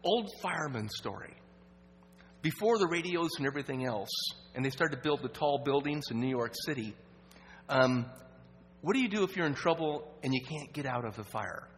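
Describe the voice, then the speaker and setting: A man giving a storytelling sermon at a church evening program, earnest and halting, with restarts, dropping to a hush at the sad parts. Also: on the high side, expressive. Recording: roomy reverb with faint hum.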